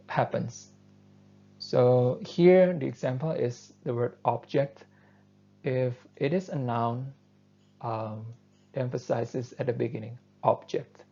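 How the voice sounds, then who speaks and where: Gravelly low-toned man lecturing. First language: not English. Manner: thoughtful, steady explaining with frequent fillers. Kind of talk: university lecture. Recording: dull lo-fi lecture recording.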